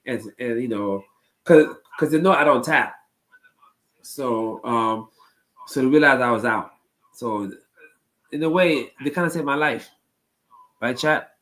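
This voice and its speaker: A man's voice: mid-range voice, measured pace, pauses often, fairly bright tone, low-quality recording. A man casually telling a long story to his live chat, rambling and repeating phrases, with plenty of ums. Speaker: streamer talking to chat.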